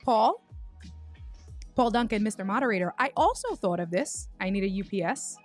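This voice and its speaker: A woman's voice: medium pitch, expressive, faint music behind. A woman hosting a casual livestream, telling a tech mishap story and greeting viewers by name with lots of restarts. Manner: tells stories with quick restarts. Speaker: livestream host.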